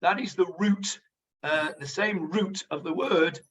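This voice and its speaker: A man's voice: high voice, measured pace, fairly bright tone, distant mic. A man teaching a Talmud class over a video call, chatty and explanatory, on dull lo-fi audio from off the mic. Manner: chatty, explains Hebrew words to students. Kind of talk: online Talmud lesson.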